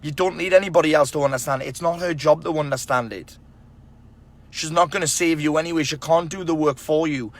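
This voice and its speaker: In a brisk, higher-pitched voice, a men's self-help speaker looks straight into the camera and gives other men hard-hitting tough-love advice. He's blunt, emphatic and profane throughout this casual motivational monologue.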